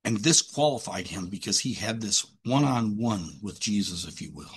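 A man's voice: lowish voice, expressive, moderate pace, slightly rough. A man preaching a sermon emphatically, with rhetorical questions and repetition.

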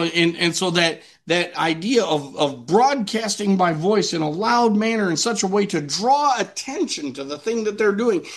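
High-voiced man preaching a sermon. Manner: conversational, many restarts, acts out quotes.

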